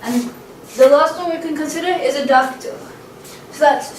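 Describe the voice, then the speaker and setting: A woman's voice: sits high, normal speed, recorded from a distance. A woman giving a casual poetry lesson, chatty and full of ums and uhs, tapping out stress patterns aloud. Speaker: poetry teacher. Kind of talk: casual lecture. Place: room with a camcorder. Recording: echoey room, voice away from the mic, faint background hum.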